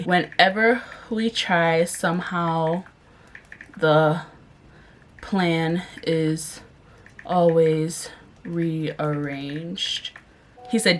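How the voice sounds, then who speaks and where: A young woman vlogging a text prank on her boyfriend, chatting casually, giggling and reading song lyrics out slowly. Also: fairly low pitch, a bit bright. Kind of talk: casual vlog narration.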